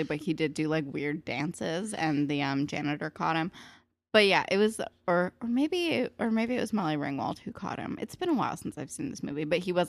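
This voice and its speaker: A woman co-hosting a casual podcast, recapping a TV episode in a chatty, sarcastic way, swearing freely. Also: sits low. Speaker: podcast co-host.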